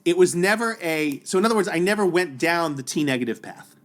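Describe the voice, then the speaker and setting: Male podcast guest, animated storyteller, a touch high, full of restarts. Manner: animated, quick, with repeated restarts. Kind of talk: casual storytelling.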